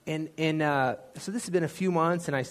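A man's voice: fairly high pitch, fairly quick. A man giving a personal testimony in a sermon, telling the story in an earnest, conversational way with self-deprecating asides. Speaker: church speaker sharing a testimony.

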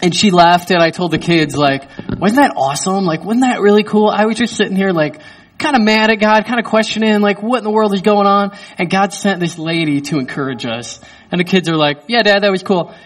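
Animated male pastor telling a story from the pulpit, high voice, distant mic. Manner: animated, self-mocking storyteller. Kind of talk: sermon with personal story. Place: church hall.

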